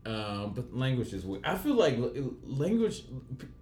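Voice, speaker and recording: A man's voice: mid-range voice, very animated, normal speed, darkish tone, roomy sound. A man from New England co-hosting a casual podcast, rambling with many fillers and restarts. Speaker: podcast co-host and comedian. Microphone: studio podcast mic.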